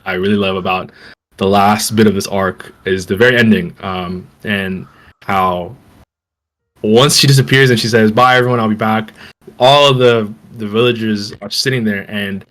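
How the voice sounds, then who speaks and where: A man's voice: lowish voice, fairly even intonation, moderate pace, fairly bright tone. A man co-hosting a podcast, talking casually and rambling with lots of fillers and restarts. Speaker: podcast co-host.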